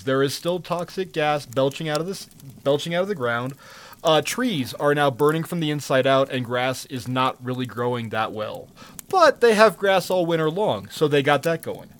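A man's voice: fairly high pitch, fairly bright tone. Sarcastic, swearing male storyteller. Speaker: podcast co-host telling a story. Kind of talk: casual storytelling chat.

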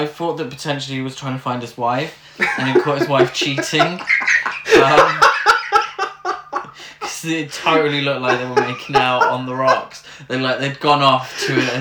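A woman's voice: a bass voice, steady tone, moderate pace. Woman in an echoey room. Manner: swears freely, laughs often. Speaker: podcast co-host. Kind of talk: casual chat. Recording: echoey room with background noise.

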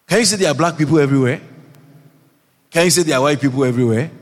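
A man preaching a sermon, animated and repetitive, often asking the congregation questions. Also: on the high side, very fast. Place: church hall. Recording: long hall reverb.

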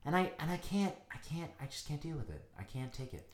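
A man's voice: on the high side, sing-song, fast talker, echoey room. A man co-hosting a casual chat podcast who rambles in exasperated rants full of restarts. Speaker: podcast co-host.

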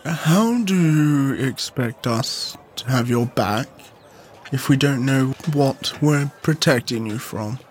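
A man's voice: mid-range voice, animated, takes it slowly, a little hiss or hum, voice pushed down. A man playing blunt burly adventurer Charlie. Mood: pressing.

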